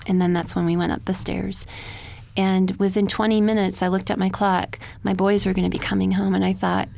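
A woman telling a personal story of loss as a radio guest, soft-spoken and halting, sometimes dropping to a whisper. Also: medium pitch, level tone, gravelly, no echo. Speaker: guest, military widow.

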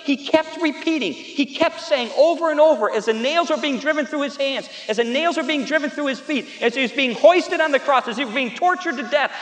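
High-voiced man preaching in an echoey hall. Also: brisk, hardly any pauses. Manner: emphatic, builds through repetition to loud peaks; storytelling, with laughs and asides to the audience. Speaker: pastor. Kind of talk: sermon. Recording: echoey hall with long reverb.

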